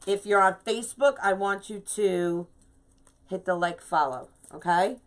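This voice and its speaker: Middle-aged lady doing a live craft demo, chatty, says hi to viewers by name, everyday pitch. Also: a little slow. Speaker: craft livestream host.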